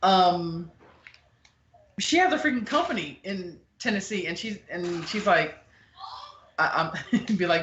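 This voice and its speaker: A woman hosting a podcast in casual, opinionated chat, blunt and animated, often acting out the people she quotes. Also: on the low side, a little slow, long pauses, a little hiss or hum. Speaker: podcast host. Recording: echoey, dull lo-fi room.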